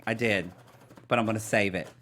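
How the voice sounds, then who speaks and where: A man from Oklahoma co-hosting an after-show, animated and teasing as he gossips about an episode. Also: on the low side, brisk. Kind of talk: casual chat recapping a reality episode.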